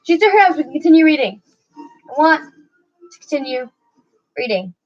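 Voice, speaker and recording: A woman's voice: high voice, lively intonation, moderate pace, dull audio. A young woman in casual chat with a friend, playful and giggly, joking about herself. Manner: playful, giggly, self-mocking.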